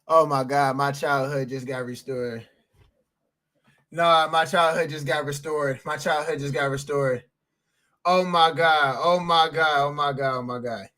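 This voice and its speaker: A man's voice: fairly high pitch, steady tone, measured pace, pushed and bright. A man reacting live on a stream, hyped and slangy, repeating himself and out of breath.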